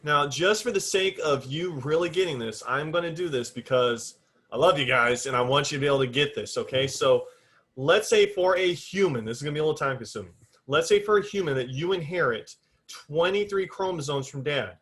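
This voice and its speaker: A man with a fairly high, bright voice teaches biology at a brisk pace in a recorded lecture, drawing on a board as he talks. He's informal and direct with his students, firm about exact terms, and counts aloud while drawing.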